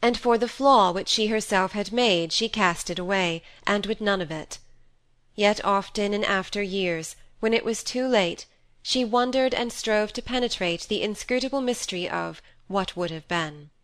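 A woman narrating a classic novel in an audiobook, reading in a measured, even way. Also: mid-range voice.

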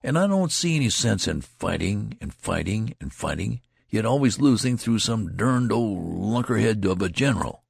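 A man's voice: fairly low pitch, lively intonation, moderate pace, creaky, few pauses, breathy edge, no room sound, studio quality, voice pushed up, heavily acted. A man voicing an indignant young soldier. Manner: rustic soldier's dialect, loud and indignant.

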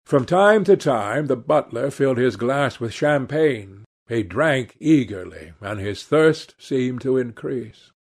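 A man narrating a novel as an audiobook in a measured, expressive reading. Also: mid-range voice, vocal fry.

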